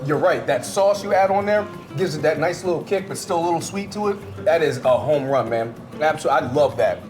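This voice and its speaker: A man's voice: fairly high pitch, fairly quick, music in the background. A man hosting a food show, tasting dishes with exuberant, exclamatory, slangy commentary.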